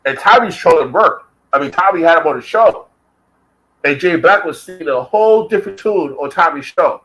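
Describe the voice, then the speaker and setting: A man's voice: a little high, expressive, normal speed, a bit bright, poor audio. A man ranting heatedly in a casual vlog, swearing constantly and repeating himself for emphasis. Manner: heated, profane, repetitive. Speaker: vlogger. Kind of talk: profane rant.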